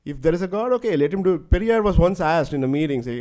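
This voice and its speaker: A male professor lecturing a conference audience, mixing stories into his points. His voice sits a little high, and his delivery is animated and loose, with frequent "like"s. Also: rapid-fire, hardly any pauses. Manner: animated, fills speech with "like".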